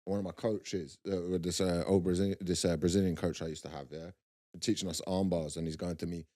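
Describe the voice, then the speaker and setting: Laughing comedian co-host. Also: male voice, low-pitched, level tone, a little fast, dark tone. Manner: laughs often, rambling anecdotes. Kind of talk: casual banter.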